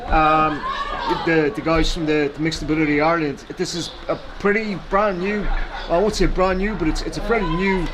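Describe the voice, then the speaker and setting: A man's voice: on the high side, steady tone, moderate pace, a crowd in the background, background noise. A man interviewing guests at an outdoor rugby ground, chatty and encouraging, with plenty of filler words. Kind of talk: pitch-side interview.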